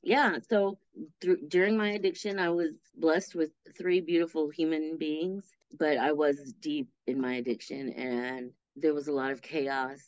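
A woman's voice: sits low, measured pace, dry recording. A middle-aged woman speaking as an interview guest, telling her story candidly and acting out what people said, with frequent laughs. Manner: animated, acts out quoted speech, laughs through her story. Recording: dull lo-fi audio.

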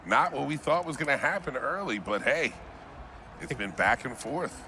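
A man's voice: mid-range voice, animated, moderate pace, sharp tone, a little hiss or hum. A man calling play-by-play on a football video game match, teasing his co-hosts playfully. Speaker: esports commentator. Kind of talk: casual esports commentary.

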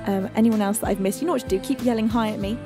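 A woman's voice: on the high side, fairly even intonation, very fast. A British woman hosting a live music stream, chatting affectionately and giggly with her viewers from her home studio. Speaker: livestream music host. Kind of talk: casual chat with viewers.

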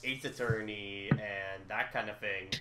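A man's voice: lowish voice, fairly even intonation, a little slow, over a noisy crowd. A man in casual gaming stream chat, rambling and restarting his sentences. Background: game music.

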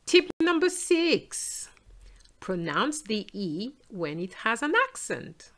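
Woman teaching sounds, takes it real slow, says each word twice. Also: mid-range voice, very animated. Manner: slow, careful, repeats words for learners. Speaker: French teacher. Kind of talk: pronunciation lesson.

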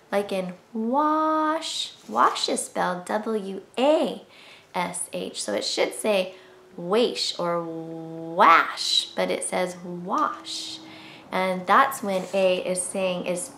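A woman's voice: mid-range voice, vocal fry, a bit bright. A woman teaching a children's reading lesson, sounding out letters in a sing-song, encouraging way. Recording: echoey room with faint hiss.

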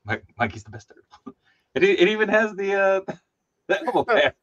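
A man's voice: high-pitched, sing-song, moderate pace, fairly bright tone, lo-fi sound. A man chatting as a livestream guest over a video call, giggling at his own stories. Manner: giggly, self-amused. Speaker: stream guest. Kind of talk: casual chat.

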